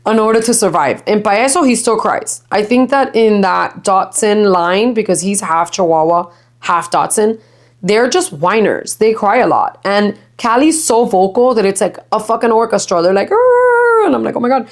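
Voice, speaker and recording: A woman's voice: medium pitch, normal speed. A young woman from Miami hosting a podcast in casual chat, swearing freely, laughing often and slipping into Spanish. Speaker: podcast host.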